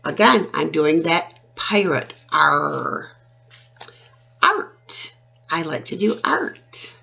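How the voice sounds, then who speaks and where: Slow-spoken woman teaching phonics. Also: low voice, sharp tone. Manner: slow, clear, drawn-out sounding of words. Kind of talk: phonics lesson for young children.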